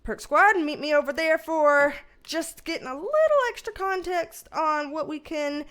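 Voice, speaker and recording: High-voiced woman chatting casually to camera. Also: normal speed, a bit bright. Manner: rambling, self-correcting, loose and chatty. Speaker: tarot reader and channel host. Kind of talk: casual direct-to-camera vlog talk.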